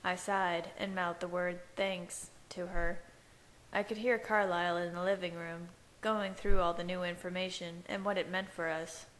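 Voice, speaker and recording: A woman reading a fanfiction chapter aloud in steady first-person narration. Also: lowish voice, normal speed, slight background noise, low-quality recording. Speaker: fanfiction reader. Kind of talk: amateur audiobook reading.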